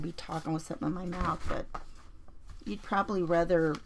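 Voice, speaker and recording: Chatty woman from Colorado, lower voice, host of a craft stream, slight hiss under the voice. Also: steady tone, brisk. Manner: chatty, storytelling, greets viewers by name. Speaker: junk journal crafter on a livestream. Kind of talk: casual craft livestream chat.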